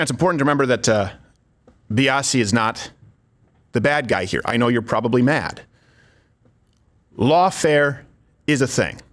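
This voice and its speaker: A man hosting political commentary, making his case in a persuasive, emphatic scripted delivery. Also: medium pitch.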